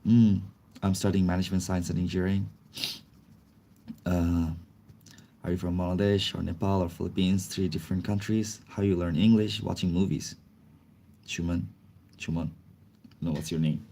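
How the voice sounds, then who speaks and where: Young guy w a deep mellow voice and a bit of a cold, casual stream chat, broken-ish english. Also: steady tone, moderate pace, gravelly. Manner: non-native English with grammar slips, reacting to chat. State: slight head cold. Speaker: livestreamer answering chat. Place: indoors, face not shown.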